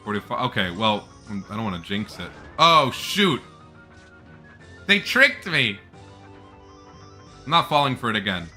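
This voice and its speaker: A man's voice: on the low side, sing-song, unhurried, long pauses, sharp tone, faint music behind. A man giving chatty, jokey, casual commentary while playing a video game. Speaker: gameplay streamer.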